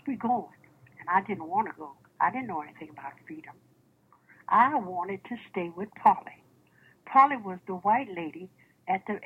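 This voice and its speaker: Husky-voiced woman preacher telling stories. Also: medium pitch, phone-quality sound. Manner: animated, with rhetorical questions to the congregation; reads old first-person accounts aloud in a storytelling voice. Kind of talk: sermon with storytelling.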